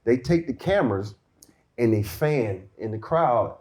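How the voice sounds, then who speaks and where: A man's voice: medium pitch, a little slow. A man telling stories as an interview guest, laughing often, recorded in an outdoor courtyard before a live audience. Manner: laughs often, animated storytelling. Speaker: guest, former basketball player. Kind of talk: casual storytelling interview.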